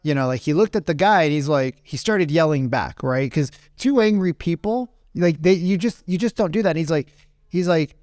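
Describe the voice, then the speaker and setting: A man's voice: a little high, normal speed, darkish tone, no room sound, studio quality. Man telling a rambling business story. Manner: rambling, keeps asking "right?". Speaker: business speaker. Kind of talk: casual storytelling talk.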